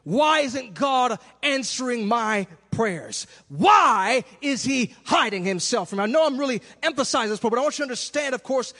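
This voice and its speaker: A male preacher delivering a sermon, swinging from shouted cries to hushed questions in a half-sung preaching cadence. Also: very high voice, animated, normal speed, few pauses. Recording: long hall reverb.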